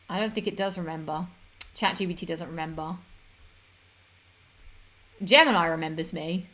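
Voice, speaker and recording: A woman's voice: medium pitch, a bit bright. Girl chatting on stream, rambly, jokey about herself, lots of ums. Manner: chatty and self-deprecating, rambling with fillers and giggles. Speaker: livestream host. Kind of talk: casual chat with viewers.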